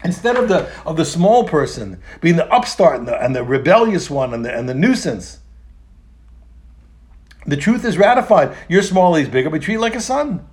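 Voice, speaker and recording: A man teaching a religious text, talking in an animated, emphatic way and often repeating phrases and restarting. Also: fairly high pitch, moderate pace. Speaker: Torah teacher. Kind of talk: explaining a text in a lesson.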